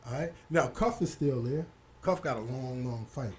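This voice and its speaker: A middle-aged man, telling stories as an interview guest, animated and quick to act out other people's voices. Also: medium pitch, a little hiss or hum. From Hollis, Queens, New York. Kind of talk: casual storytelling interview.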